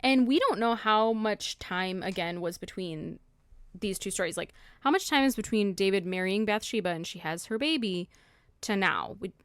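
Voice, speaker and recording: A woman co-hosting a faith podcast reads scripture aloud and then retells the Bible story in casual slang. Her mid-range voice is expressive, smooth and moderately paced, on a dry recording.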